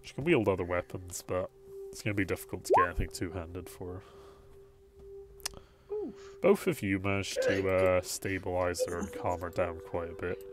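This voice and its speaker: Man, game master, very deep voice, relaxed casual narration with swearing. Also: moderate pace, pauses often, noisy background.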